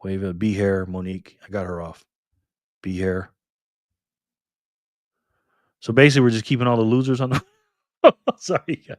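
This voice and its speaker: A man hosting a live stream in a loose, joking way, reading the chat messages out loud. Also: lowish voice, fairly even intonation, fast, dry recording, clean studio sound. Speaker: livestream host.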